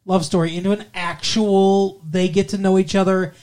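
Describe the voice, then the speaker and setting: With a high-pitched, level, darkish voice at a moderate pace, a male podcast co-host rambles casually about a movie, swearing here and there.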